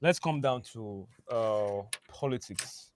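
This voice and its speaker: A man's voice: mid-range voice, slow, slight background noise. A man hosting a talk show, steering the conversation with short prompts and questions. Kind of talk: interviewing.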